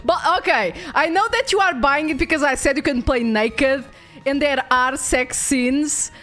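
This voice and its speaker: High-voiced chatty young woman streamer. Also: a little slow, fairly bright tone. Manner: chatty, frequent fillers and restarts, laughs often. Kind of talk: casual game-stream chat.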